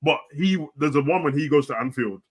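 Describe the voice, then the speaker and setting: A man talking football with a friend in slangy chat, jumping between loud outbursts and muttered asides. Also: on the high side, expressive, a little fast, breathy edge. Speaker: football podcast host.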